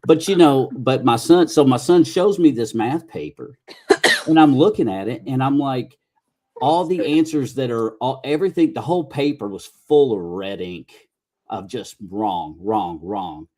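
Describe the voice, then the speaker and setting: A man's voice: medium pitch, animated, measured pace, dark tone. A middle-aged man hosting a podcast, telling rambling, folksy stories in casual chat with restarts and mild cursing. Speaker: podcast host.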